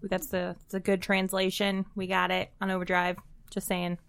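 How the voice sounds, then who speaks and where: A woman's voice: medium pitch, monotone, moderate pace, vocal fry. A woman in a casual group chat about books, chiming in with playful remarks. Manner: playful interjections. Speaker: book discussion co-host.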